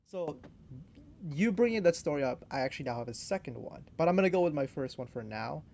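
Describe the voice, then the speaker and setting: A man's voice: fairly high pitch, animated, fairly quick, gravelly, mellow, a little hiss or hum. A young man co-hosting a podcast, talking casually and hesitantly, with many fillers. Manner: loose and hesitant, lots of "like" and "you know". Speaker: podcast co-host. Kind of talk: casual chat.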